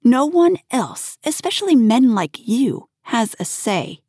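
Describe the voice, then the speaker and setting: A woman's voice: a little high, sing-song, takes it slowly, darkish tone, breathy edge, dry recording, clean studio sound, pitched above the performer's own voice, exaggerated voice. A woman voicing a bold young woman who is cool, confident and mocking, in an audio story. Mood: defiant.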